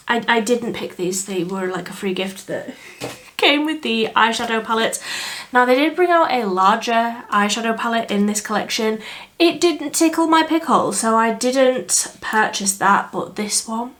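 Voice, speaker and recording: A woman's voice: a little high, a bit bright. A woman with a Yorkshire accent, chatting enthusiastically through a makeup review, with fillers and laughs. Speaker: beauty vlogger. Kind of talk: casual makeup review chat. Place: indoors under artificial light.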